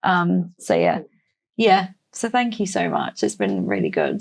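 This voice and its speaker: A woman's voice: on the low side, huge pitch swings, measured pace, creaky. A woman hosting a podcast, thanking guests enthusiastically as she wraps up. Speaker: podcast host. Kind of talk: podcast wrap-up.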